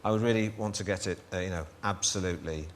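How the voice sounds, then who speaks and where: A man with a Northern English accent talks as a guest in a TV studio. His answers come out halting and full of false starts. The chat stays casual. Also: deep voice. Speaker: comedian guest. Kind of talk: casual chat-show conversation.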